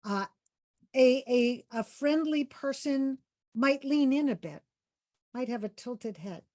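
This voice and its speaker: Bright-voiced woman coaching interview skills. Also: sits high, expressive, slow pace. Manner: demonstrates voice tones, upbeat and encouraging. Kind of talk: workshop teaching with questions to participants.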